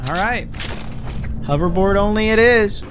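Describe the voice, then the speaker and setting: A young man streaming a video game, loud and hyper, swearing and trash-talking other players as he plays. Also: high voice, measured pace. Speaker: gaming streamer. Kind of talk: excited gameplay commentary. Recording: music playing behind.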